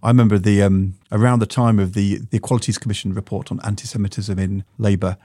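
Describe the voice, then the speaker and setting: A middle-aged man with a low, mellow voice that has a husky edge, co-hosting a political chat show. He talks things through in a measured, even-handed way and drifts into personal anecdotes. The sound is close and dry. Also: no echo. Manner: measured, nuanced, recounts anecdotes. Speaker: podcast co-host, former minister. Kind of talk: political discussion podcast.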